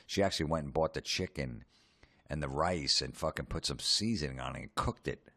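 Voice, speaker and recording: A man's voice: very deep voice, a bit bright. A man delivering a profane, sarcastic comedic rant, mocking people in put-on voices. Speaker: comedian ranting.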